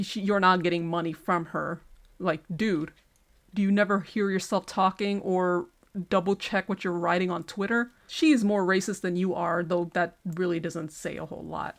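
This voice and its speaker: A woman delivering a scathing, sarcastic commentary rant at other creators, swearing often and reading from a prepared statement. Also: lowish voice. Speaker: online commentator.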